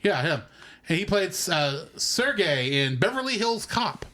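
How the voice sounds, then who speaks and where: Animated young man co-hosting a podcast. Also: sits high, measured pace. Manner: animated, rambling with repeated words. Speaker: podcast co-host. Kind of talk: casual movie review chat.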